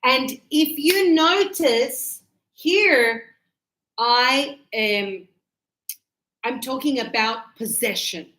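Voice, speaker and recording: A woman's voice: sits high, extremely slow, sharp tone, reverberant, rough recording. A woman teaching English grammar, patiently explaining with repeated examples and frequent check-ins. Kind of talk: slow classroom explanation.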